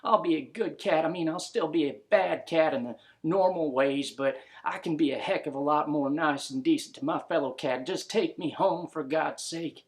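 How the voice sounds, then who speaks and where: A man's voice: fairly high pitch, little pitch movement, normal speed, few pauses, natural voice. A man putting on a hollering hungover redneck tomcat. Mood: pleading. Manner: hollering, pleading, Southern drawl. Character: rowdy redneck tomcat, hungover, frantic and repentant.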